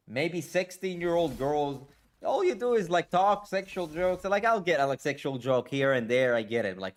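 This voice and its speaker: Lively, profane man ranting on stream. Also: on the high side. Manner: blunt, profane, filler-heavy with "like" and "bro". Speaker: gaming streamer. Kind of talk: casual ranting stream talk.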